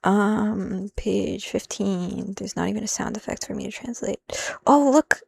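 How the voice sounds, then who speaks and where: Woman with a gravelly voice, thinking aloud. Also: medium pitch, level tone, a little slow, darkish tone. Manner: rambling, self-interrupting, easily sidetracked; mixes in Japanese phrases. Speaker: streamer translating manga. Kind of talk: live stream, thinking aloud while working.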